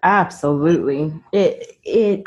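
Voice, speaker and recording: A woman host with a lowish voice, speaking very slowly and unhurriedly. She is laid-back in casual conversation and laughs easily. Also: a little mellow, dull audio, slight background noise. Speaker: interviewer.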